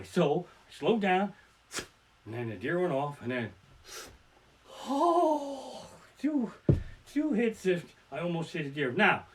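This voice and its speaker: Profane, animated male comedian storytelling. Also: on the high side, measured pace, pauses often, recorded from a distance, a little hiss or hum. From Pennsylvania. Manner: profane, rambling, bursts into shouts. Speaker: stand-up comedian. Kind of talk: live-streamed comedy storytelling. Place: living room at home. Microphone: simple home streaming setup.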